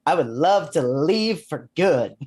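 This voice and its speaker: A man's voice: a little high, big pitch swings, takes it slowly, a little mellow, breathy edge. Hesitant man weighing his character's move. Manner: deliberating, hesitant. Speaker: player. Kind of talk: thinking aloud about his character in a tabletop game.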